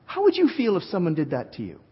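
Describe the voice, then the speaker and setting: A male pastor preaching an animated sermon, joking with his congregation. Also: sits high, fast, slightly rough. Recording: dull recording in a reverberant hall.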